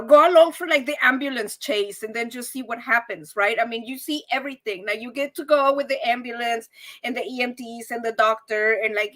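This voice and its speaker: A woman hosting a casual live stream, chatting warmly and animatedly with viewers and calling them y'all. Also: fairly high pitch.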